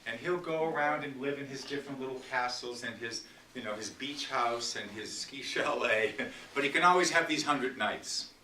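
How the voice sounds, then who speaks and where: A man's voice: medium pitch, moderate pace, pushed and bright, slight background noise. A man giving a casual public lecture in a library room, retelling a story in a chatty way with asides. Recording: echoey room from far off.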